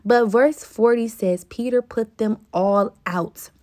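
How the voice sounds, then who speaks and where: A young woman giving a casual, hyped Bible talk, chatty and quick to laugh. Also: a little high, mellow. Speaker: faith vlogger.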